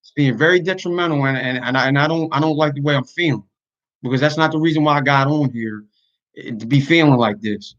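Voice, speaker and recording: A man's voice: a little high, fast, fairly bright tone, muffled recording. A man talking earnestly to his online community in a casual livestream, venting his frustrations. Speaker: YouTuber and podcaster.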